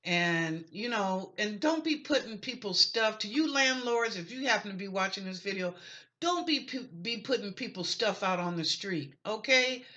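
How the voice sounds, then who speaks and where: Brief: middle-aged woman host from the US, emphatic folksy monologue to camera, bright edge to the voice. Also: medium pitch, expressive, normal speed, dull audio. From United States. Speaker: online psychic show host.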